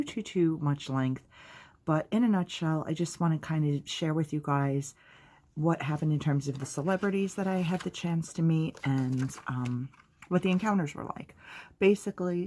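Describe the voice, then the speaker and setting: A woman's voice: deep voice, dark tone. A woman vlogger talking casually to her viewers in a chatty, upbeat way, with lots of fillers and asides. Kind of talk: casual vlog recap.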